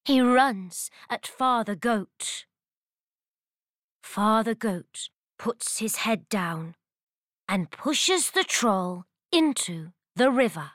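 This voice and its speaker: A woman reading a children's story aloud in clear, simple, deliberate sentences. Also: fairly high pitch, lively intonation, a bit bright, no echo, studio quality. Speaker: storybook reader.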